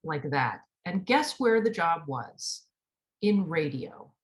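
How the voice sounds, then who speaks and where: A woman's voice: lowish voice, big pitch swings, takes it slowly. A middle-aged woman hosting a spiritual talk, telling a personal story in an earnest way and acting out the dialogue. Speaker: spiritual teacher and host.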